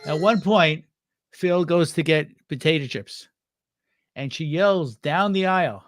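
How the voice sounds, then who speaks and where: A man's voice: fairly high pitch, measured pace, no room sound, studio quality. A man chatting as a guest on a talk show, telling rambling anecdotes and laughing at his own stories. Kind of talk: casual chat.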